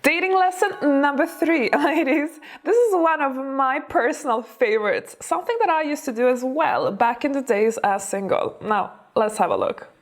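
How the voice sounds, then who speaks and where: A woman's voice: sits high, moderate pace, hardly any pauses. A woman dating coach giving chatty, encouraging commentary on TV clips, laughing often.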